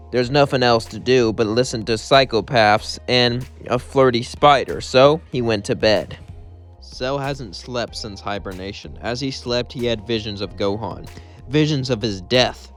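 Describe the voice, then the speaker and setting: Man, casual fan story narration, rambling, mid pitch. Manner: loose, rambling retelling.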